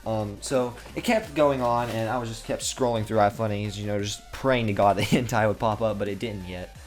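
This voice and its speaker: A man's voice: on the low side, normal speed, faint music behind. A young man telling a crude, rambling comedic story full of swearing, restarts and asides.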